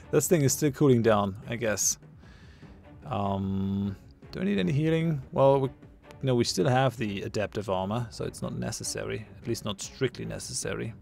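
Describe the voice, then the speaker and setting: A man plays a ship combat game and commentates casually, thinking aloud, muttering and laughing at his own jokes. His medium-pitched voice is creaky and a little mellow, at a moderate pace. Soft music plays in the background.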